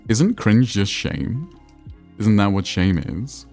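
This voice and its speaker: Deep creaky guy rambling to his stream chat, kinda self-deprecating, faint music behind. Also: big pitch swings, slow pace, darkish tone. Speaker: livestreamer. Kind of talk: casual livestream chat while playing a geography game.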